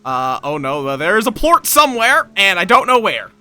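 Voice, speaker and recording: A young man streaming a video game, chatting casually with his viewers, swearing now and then and reacting out loud. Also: sits high, moderate pace. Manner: animated, chatty, swears, talks to chat. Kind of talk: casual gameplay commentary. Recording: faint game music behind.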